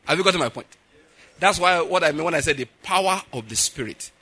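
Male preacher, lively pitch, husky, bright tone, acts out voices mid-sermon. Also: fast. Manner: animated, acts out voices, laughs at own jokes.

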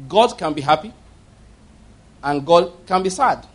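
A man preaching in a husky, somewhat high voice. He works through his sermon as a string of stories and drives each point home with emphasis and repetition. He slips into the voices of the people he quotes. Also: lively intonation, a little slow. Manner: emphatic storytelling preacher who acts out quoted speech. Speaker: pastor.

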